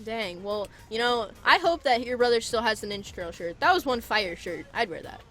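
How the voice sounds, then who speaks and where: A woman hosting a podcast in casual chat, reacting with giggles and drawn-out exclamations. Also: a little high, animated, heavy background noise. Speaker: podcast host.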